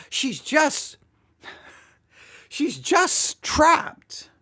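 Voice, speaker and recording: A woman hosting a podcast, talking through song lyrics in an animated way and slipping into voices to act them out. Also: medium pitch, normal speed. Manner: animated, slips into acting out the voices. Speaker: podcast host.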